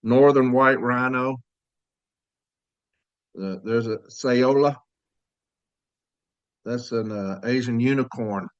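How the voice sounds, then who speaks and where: A man's voice: mid-range voice, steady tone, slow, long pauses, clear, resonant tone, no echo, dull audio. Laid-back man hosting a podcast. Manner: laid-back, laughing storyteller, addresses audience as y'all. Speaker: podcast host. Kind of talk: casual chat.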